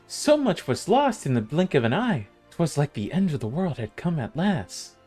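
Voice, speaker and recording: A wry, motherly tavern mistress and guild master, as a man reads her lines aloud. She lingers over her words in a slow, storytelling way, her pitch rising and falling freely. Faint game music plays behind her. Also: wildly swooping pitch, dark tone, husky, exaggerated voice. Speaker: streamer reading game dialogue aloud.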